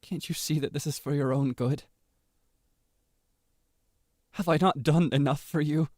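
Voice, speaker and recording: A man voicing a possessive, controlling young lover who guilt-trips in a low, quiet, menacing tone. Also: fairly even intonation, measured pace, dry recording, studio quality, lightly acted. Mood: pleading, accusing. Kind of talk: voice-over request acting.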